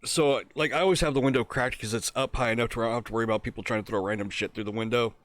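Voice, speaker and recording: A man's voice: medium pitch, fairly even intonation, racing, fairly bright tone. A man from Pennsylvania telling a profane prank story on a casual podcast, laughing as he goes. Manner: profane, laughs through his own story. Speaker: podcast co-host.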